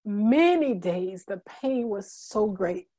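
A middle-aged woman as a guest, telling her story candidly in an earnest, halting way, holding back tears. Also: medium pitch, expressive, warm tone, a little hiss or hum. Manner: earnest, halting, many fillers and restarts; emotional, fighting back tears. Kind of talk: candid conversational testimony.

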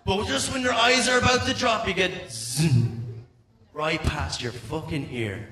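Irish stand-up comic, thirties, high voice, profane and rambling; roomy sound, mic kept at a distance. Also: male voice, sing-song, moderate pace, pushed and bright, slight background noise. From Ireland. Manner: profane, rambling, frequent stammered restarts. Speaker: stand-up comedian. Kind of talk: stand-up comedy set. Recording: echoey room, mic at a distance.

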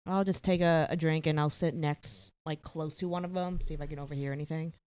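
A woman's voice: deep voice, steady tone, a little fast, a little mellow, clear, resonant tone. A woman playing a tabletop game, asking lots of questions and laughing often. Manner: curious, asks lots of questions, giggly. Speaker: player. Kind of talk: casual tabletop play.

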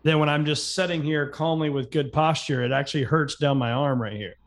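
A man's voice: a little high, fairly even intonation, fairly quick. Curious casual male podcast host. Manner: casual, curious, uses fillers like "like". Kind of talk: casual interview chat.

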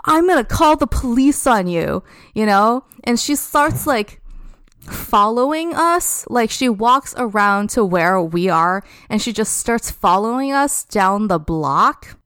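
A woman's voice: fairly high pitch, lively intonation, slow pace, fairly bright tone, smooth, no room sound, studio quality. A young woman casually telling a story on a podcast, chatty and full of "like". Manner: chatty, heavy use of "like" as a filler. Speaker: podcast guest.

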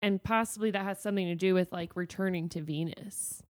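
A woman's voice: fairly low pitch, steady tone, brisk, darkish tone, no echo. A woman co-hosting a casual fan podcast, playful and teasing, with dry quips. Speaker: podcast co-host.

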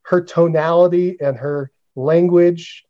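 A man hosts an interview and asks his questions in an easygoing way, sometimes starting hesitantly. His voice sits fairly high. The recording sounds slightly dull and lo-fi. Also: fairly even intonation, slow. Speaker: podcast host interviewer.

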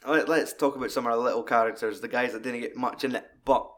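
A man's voice: mid-range voice, quick pace. Sweary man chatting about film. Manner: sweary, rambling, animated. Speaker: podcast co-host. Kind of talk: casual film discussion chat.

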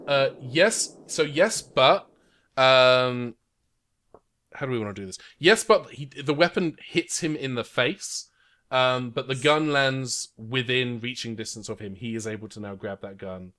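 A man narrating a tabletop game as game master in a relaxed, halting way, recorded remotely. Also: medium pitch. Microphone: remote call mic.

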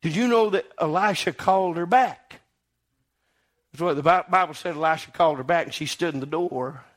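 A man preaching a sermon, impassioned and swinging between loud exclamations and quiet asides. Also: on the high side, moderate pace.

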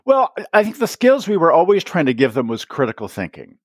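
A man speaking as an interview guest, his pitch rising and falling a lot as he acts out little scenes between teachers and students. The sound is close and dry, with no room behind it. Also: husky, no room sound. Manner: animated, acts out teachers and students in quick asides. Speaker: guest, author and educator. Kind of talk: podcast interview.

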